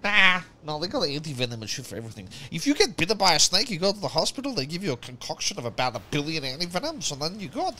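A man in his twenties chats loosely over a headset. His voice bounces wildly up and down in pitch with a bright, forceful edge. He swears and drops bro into almost every sentence. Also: very animated, very fast, few pauses, a little hiss or hum. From Australia. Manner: slangy, swears a lot, says bro constantly. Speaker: game streamer chatting out of character. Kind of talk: casual voice chat.

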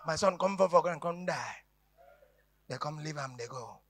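A Nigerian man doing stand-up, telling a story with dramatic swings from shouts to hushed murmurs. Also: very high voice, sing-song, normal speed. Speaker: stand-up comedian.

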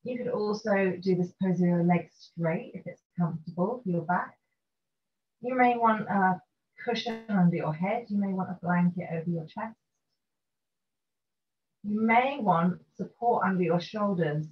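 A woman teaching a restorative yoga session, guiding gently and calmly through poses and breathing. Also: mid-range voice. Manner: gentle, slow and soothing guidance. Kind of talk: guided restorative yoga instruction. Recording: dull lo-fi recording with faint noise.

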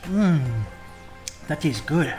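A man's voice: a little high, lively intonation, extremely slow, a little mellow, faint music behind. Man groaning through a spicy mukbang. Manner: groaning and exclaiming between bites. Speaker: vlogger. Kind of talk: casual mukbang vlog.

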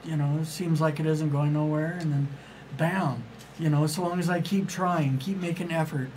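A man with a voice pitched a touch above average talks as an author on a casual radio interview. He rambles through his stories with enthusiasm and plays out the dialogue he quotes. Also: darkish tone, a little hiss or hum, poor audio.

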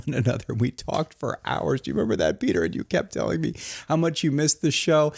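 A man's voice: creaky, a little mellow. Mock-earnest man hosting a comedy show. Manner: mock-earnest, rambling, with jumps in pitch. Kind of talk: deadpan satirical monologue.

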